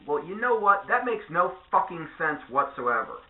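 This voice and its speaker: A man delivering a sarcastic, profane vlog rant in a lively, animated way. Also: a little high, moderate pace, echoey room, narrow, tinny audio. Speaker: vlogger. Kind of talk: ranting monologue.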